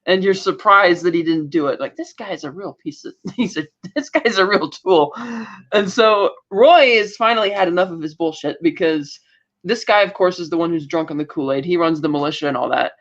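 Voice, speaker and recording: A woman's voice: lowish voice, brisk. A woman co-hosting a podcast, casually recapping a TV episode and acting out lines from the scenes. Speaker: podcast co-host. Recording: dull lo-fi audio.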